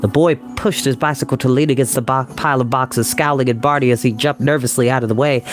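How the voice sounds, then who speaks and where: A man reading a children's novel aloud as a storyteller, measured and expressive. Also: medium pitch, soft background music.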